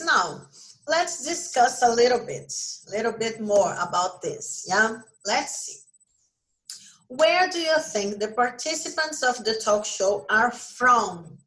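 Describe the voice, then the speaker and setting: Slow-talking Brazilian woman teaching English. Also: a little high, a bit bright, poor audio. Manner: slow, questioning, repeats prompts to students. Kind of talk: online class lesson.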